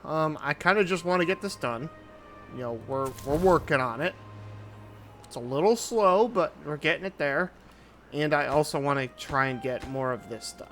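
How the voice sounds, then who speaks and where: A man giving casual commentary on his own gameplay, thinking aloud as he builds in a relaxed way. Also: fairly high pitch, normal speed, soft background music. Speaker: gaming YouTuber. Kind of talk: casual let's-play commentary.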